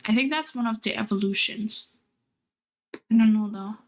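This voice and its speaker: A woman's voice: medium pitch, moderate pace. A young adult woman streaming, chatting casually and rambling, often laughing as she talks. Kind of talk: casual chat.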